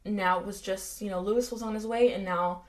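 American woman, podcast co-host, wry and chatty, mid-pitched. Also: fairly even intonation, a little fast, a little mellow. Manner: chatty, filler-heavy, wry asides. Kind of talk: casual true-crime chat.

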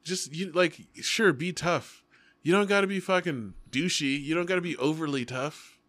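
A young man in casual chat, ranting with lots of swearing and an animated, emphatic manner. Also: on the high side, normal speed, no room sound. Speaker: works with middle schoolers.

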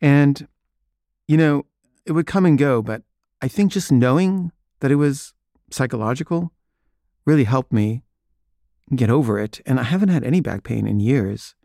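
A man's voice: mid-range voice, normal speed, gravelly, pauses often, dry recording. Man telling a story in a dry room. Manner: relaxed, chuckling, acts out remembered dialogue. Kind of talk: casual personal storytelling.

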